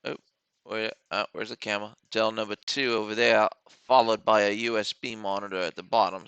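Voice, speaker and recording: A man's voice: lowish voice, little pitch movement, a little fast, a bit bright, clear, resonant tone, no echo, poor audio. A man hosting a casual day-trading live stream from his home studio, rambling, joking and swearing freely as he talks through his trades.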